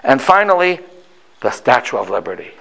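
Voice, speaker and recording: An older man in his sixties telling a family story to listeners. His pitch rises and falls with lively swings, and he pauses for effect. His voice sits mid-range for a man. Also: vocal fry, low-quality recording. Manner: animated, dramatic pauses.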